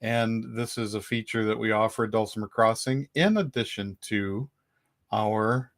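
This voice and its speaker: A man hosting a casual live-stream dulcimer lesson, chatty and relaxed, counting beats and chanting rhythm syllables aloud. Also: on the low side, a little slow. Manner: relaxed, chatty, with small restarts. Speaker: dulcimer teacher and host.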